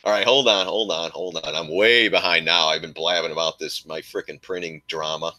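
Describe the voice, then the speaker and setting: A man hosts a casual live stream, chatting loosely and ranting with frequent laughs. His voice sits on the low side but comes across bright and forceful. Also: fairly even intonation, brisk.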